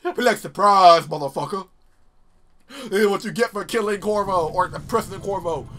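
A young man hosting a let's play, commenting excitably on his gameplay, laughing and swearing often. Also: sits high, quick pace. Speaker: gaming channel host. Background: game music and sound.

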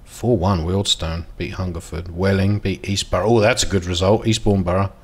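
A man giving casual, excitable commentary while playing a football management game, dropping to mutters and jumping to loud outbursts. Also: sits low, moderate pace. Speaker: gaming video host.

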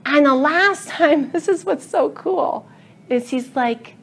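A middle-aged woman teaching a Bible study lesson, earnest and animated, building to emphatic passion as she retells the story. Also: high-pitched, takes it slowly, vocal fry, slight background noise.

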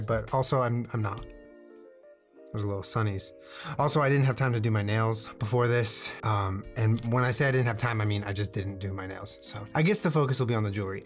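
A young man casually chatting in a vlog, rambling with jokey, self-deprecating asides as he shows off his jewelry. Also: mid-range voice. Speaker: streamer showing his jewelry. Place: indoors at home, on camera.

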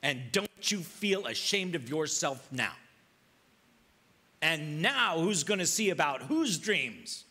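A man preaching a sermon in a high, bright voice. He slips into quoted voices and stacks rhetorical questions with dramatic emphasis. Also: sing-song, slow pace, breathy edge. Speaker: pastor.

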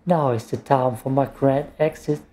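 A man voicing a scheming, mocking witch spirit, speaking in a slow, taunting way. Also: medium pitch, warm tone, close to an everyday voice.

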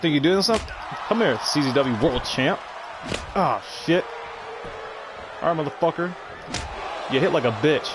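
A young man streams a wrestling video game, cursing and trash-talking as he plays. His voice sits a touch high for a man. Loud game sound effects play behind him. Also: animated, normal speed, long pauses, background noise. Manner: profane, frustrated trash talk at the game. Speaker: gameplay streamer. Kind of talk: game commentary.

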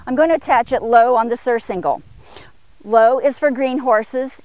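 A woman horse trainer explaining longeing technique between short commands to a horse, her voice rising in pitch for upward gaits. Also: a little mellow, no room sound. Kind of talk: instructional demo while longeing a horse. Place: outdoor arena corner.

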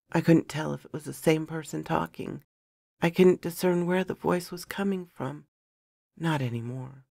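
A woman narrating a first-person fantasy story in a measured, dramatic storytelling manner. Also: low-pitched, fairly even intonation, vocal fry, a little mellow, no room sound, studio quality.

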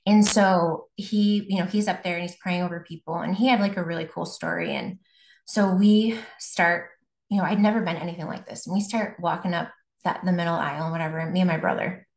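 A woman's voice: on the low side, fairly even intonation, a little fast. A young adult woman from Buffalo, New York, telling her personal faith testimony as a guest, chatty and full of fillers and restarts. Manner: conversational, many fillers and restarts. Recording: roomy echo.

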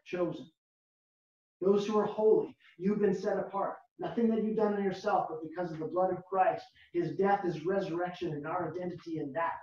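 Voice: medium pitch, mellow. Preacher in a very echoey, distant room. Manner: slow, emphatic preaching with repeated key words and rhetorical questions. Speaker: pastor. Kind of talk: sermon. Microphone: video call, far from the mic. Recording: very echoey, distant, dull lo-fi video call audio.

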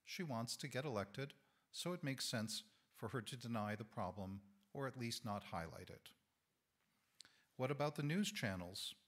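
A man with a hoarse, fading voice giving a thoughtful lay sermon in a church, measured and correcting himself now and then. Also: medium pitch, animated, fairly bright tone. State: hoarse, losing his voice. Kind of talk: reflective sermon talk. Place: church sanctuary.

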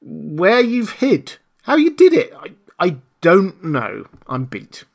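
A man voicing a coarse, excitable male tramp who yelps his rustic exclamations in a high, strained voice. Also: slow pace, vocal fry, exaggerated voice. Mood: frantic.

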